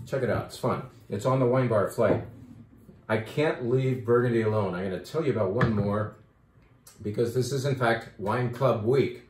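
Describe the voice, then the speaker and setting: A man's voice: mid-range voice, a little mellow, echoey room. A man who runs a wine shop, chatting enthusiastically about the wines on offer in a casual, rambling way. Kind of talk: casual wine talk video.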